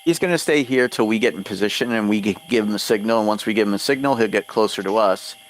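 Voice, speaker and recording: Brief: male player, mid-pitched, steady and reasoned. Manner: measured explaining. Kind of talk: tabletop game play.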